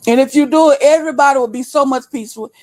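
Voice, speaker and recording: A woman's voice: sits high, a little mellow. Blunt, cussing woman scolding her chat. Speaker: livestream host. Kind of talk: heated livestream rant. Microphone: desktop stream mic.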